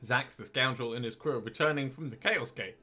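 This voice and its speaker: A man's voice: medium pitch, fairly quick, pushed and bright, soft background music. A man reading out a game's bookworm, busy and distracted, hooked on his novel.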